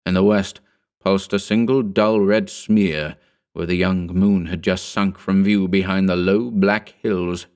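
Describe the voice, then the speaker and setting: A man narrating a horror story slowly and broodingly. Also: deep voice, fairly even intonation, a little mellow, smooth. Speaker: audiobook narrator.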